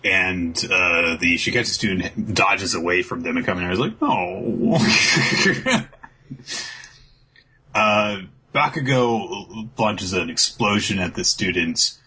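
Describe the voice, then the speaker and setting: A man's voice: low-pitched, takes it slowly, sharp tone, husky, rough recording. A man co-hosting a casual podcast, recapping a manga chapter with lots of hesitant fillers.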